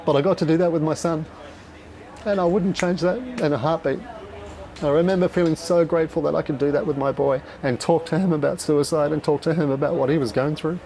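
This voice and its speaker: A middle-aged man with an Australian accent, giving a raw, candid personal talk at a dinner event, swearing often and pausing with fillers. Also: a little high, dark tone, low-quality recording.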